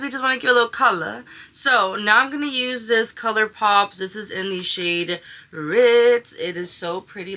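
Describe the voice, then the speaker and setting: A young beauty vlogger chats casually through a makeup tutorial, gushing over the colors and throwing in slang like "she is giving." Her medium-pitched voice moves at a normal speed and sounds pushed and bright.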